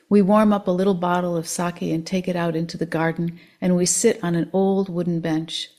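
A woman's voice: lowish voice, close to an everyday voice. A woman doing a cheerful, chatty little old man. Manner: gentle, chatty, delighted. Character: cheerful tiny old man in his seventies.

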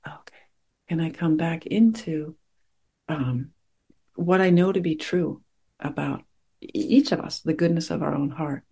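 A woman meditation teacher giving a dharma talk to her class, gentle and reflective, pausing often as she searches for words. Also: sits low, gravelly, breathy edge.

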